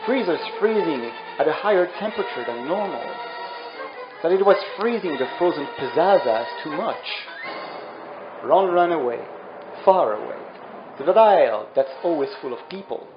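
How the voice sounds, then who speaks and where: A man's voice: a little high, lively intonation, normal speed. A man narrating a comedic dramatic reading with over-dramatic, melodramatic delivery. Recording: roomy, dull lo-fi sound. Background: music.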